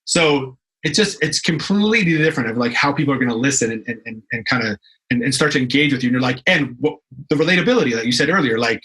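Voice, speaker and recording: Bright-voiced man telling stories animatedly. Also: medium pitch, quick pace, rough recording. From Canada. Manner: animated storyteller, frequent restarts and fillers. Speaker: fitness professional, guest. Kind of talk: casual interview chat.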